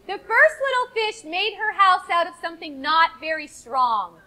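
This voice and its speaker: A woman with a very high, bright voice runs an interactive storytelling session in front of a live audience. She talks animatedly and coaxes the crowd to repeat lines and act along with her. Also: normal speed. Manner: animated, coaxing audience to join in. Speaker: storyteller leading a workshop.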